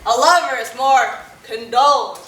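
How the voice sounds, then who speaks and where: A woman's voice: fairly high pitch, measured pace, natural voice. A woman playing a boastful, hammy male weaver who wants every part, declaiming with showy bombast on a college stage. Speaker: stage actor. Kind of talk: live college stage performance. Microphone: distant room mic. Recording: roomy stage audio from far off with faint noise.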